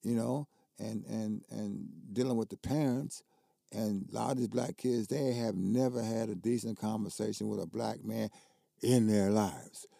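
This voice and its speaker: A man's voice: lowish voice, fairly even intonation, moderate pace, gravelly, dark tone, no echo, studio quality. An older man, a basketball coach telling stories as a guest in casual, emphatic, colloquial talk. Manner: colloquial, emphatic, repeats words when worked up. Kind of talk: casual conversational storytelling.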